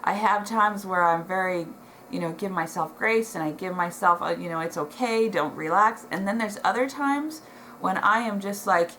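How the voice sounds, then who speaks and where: A woman's voice: mid-range voice, moderate pace, sharp tone, a little hiss or hum, poor audio. A middle-aged woman vlogging from home, talking to the camera in a heartfelt, emotional way, with many ums and restarts. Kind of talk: casual chat to camera. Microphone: camera in front, reading notes below it.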